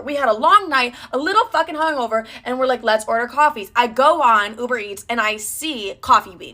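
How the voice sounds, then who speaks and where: A woman's voice: fairly high pitch, bright, forceful tone. A young woman telling a story casually, dramatic and self-mocking, full of swearing.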